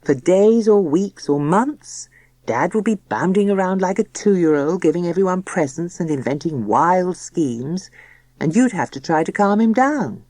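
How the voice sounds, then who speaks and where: Woman narrator, low voice with lively swings, confiding first-person audiobook reading, dry close studio sound. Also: unhurried, dry recording. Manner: chatty, gossipy and confiding. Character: young engaged daughter confiding to her mother.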